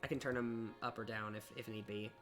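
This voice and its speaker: A young university student, who streams and designs levels, chats casually on a live stream as he works, muttering self-deprecatingly about his progress. His voice is lowish and steady, a little fast, with music and keyboard typing in the background.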